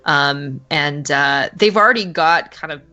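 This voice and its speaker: Woman GM, chatty narrator, fillers and laughs, slightly low, bright tone. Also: a little slow. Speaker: game master. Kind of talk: narrating a tabletop game.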